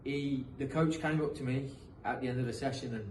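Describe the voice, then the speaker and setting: A man's voice: mid-range voice, brisk, distant mic. A man in his thirties with a British accent that has picked up some American sounds. He talks on a podcast about his playing career, rambling and repeating himself, with many ums and uhs. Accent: British English, mixed with some American. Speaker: guest, professional footballer. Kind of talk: casual podcast storytelling. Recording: echoey room, mic set back, faint noise.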